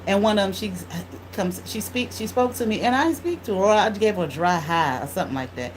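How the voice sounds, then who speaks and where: A woman tarot reader telling a blunt, animated story in casual speech, swearing freely. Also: medium pitch, fast, slight background noise, low-quality recording.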